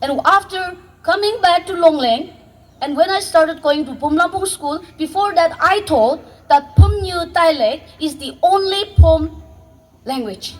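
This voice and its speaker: The pitch is extremely high and the pace unhurried as this Northeast Indian woman vlogs to young viewers. She speaks earnestly and fervently, exhorting them and restarting at times, over poor-quality audio.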